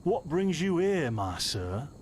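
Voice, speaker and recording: Genial, wry apothecary. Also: male voice, on the high side, slow pace, slight background noise. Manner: genial, dryly amused, lively. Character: friendly, wry male herbalist apothecary. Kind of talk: game voice acting.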